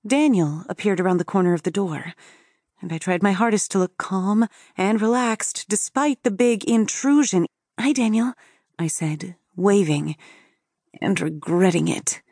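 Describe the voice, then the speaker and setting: Woman reading an audiobook, husky soft mellow voice, dry close mic. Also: medium pitch, unhurried, no echo. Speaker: audiobook narrator. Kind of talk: first-person scripted narration.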